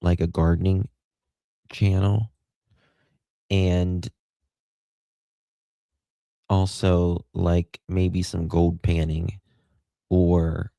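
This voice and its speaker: Man, Southern accent, livestream host, deep gravelly voice, slow drawling chat. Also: little pitch movement, warm tone, no room sound. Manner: chatty, drawling, greets viewers by name. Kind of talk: casual chat reading viewer comments.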